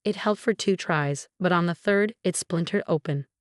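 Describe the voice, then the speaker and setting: A woman with a lower voice telling a dramatic first-person story with emotional emphasis. The sound is close and dry, like a studio voice-over. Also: moderate pace, no echo. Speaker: story narrator.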